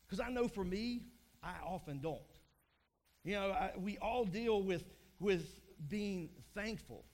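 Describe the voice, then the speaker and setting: Man, preacher, high pitch, casual sermon delivery, self-deprecating humor. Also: takes it slowly. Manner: chatty, self-deprecating, acts out joke voices. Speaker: pastor.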